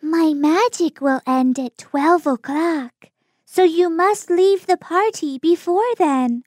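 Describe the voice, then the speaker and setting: Gentle fairy godmother, as a woman reader puts her on: high, airy, slow and reassuring. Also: dry recording, clean studio sound. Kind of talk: storybook character voice.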